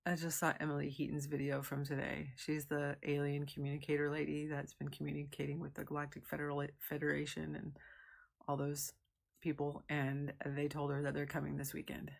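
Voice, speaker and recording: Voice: medium pitch, monotone, brisk, gravelly. A speaker talking casually and earnestly, in a matter-of-fact way. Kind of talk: casual social video monologue.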